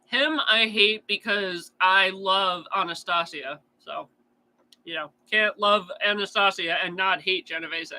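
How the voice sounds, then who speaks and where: A man's voice: high voice, a little slow, pushed and bright, poor audio. A man chatting casually on a true crime stream, answering chat in a blunt, profane rant.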